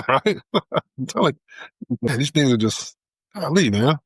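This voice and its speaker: A man's voice: mid-range voice, sing-song, a little slow, slightly rough, no echo, rough recording. A man co-hosting a casual barbershop-style podcast. He rambles and laughs often. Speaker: podcast co-host.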